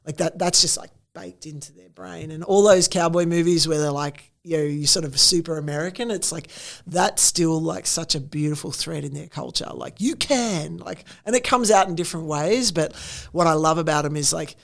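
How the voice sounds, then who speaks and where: A woman in her forties with an Australian accent, telling stories in a casual interview, animated and full of acted-out quotes. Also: low voice, moderate pace, creaky, hardly any pauses. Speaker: interview guest, entrepreneur.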